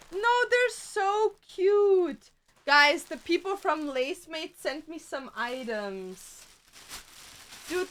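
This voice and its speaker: A young woman streamer chatting casually and excitably to her viewers, slangy and quick to laugh. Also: high voice.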